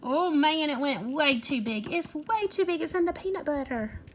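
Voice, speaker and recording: High-voiced teacher, sing-song. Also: female voice, a little hiss or hum. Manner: animated, sing-song teacher voice with drawn-out words. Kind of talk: children's phonics lesson.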